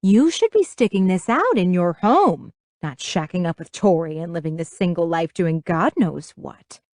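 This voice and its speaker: Narrator playing a devout, lecturing middle-aged mother, lively, preachy, in a dry audiobook read. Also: lowish voice, normal speed, no room sound, close to an everyday voice. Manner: lecturing, instructive, finger-wagging.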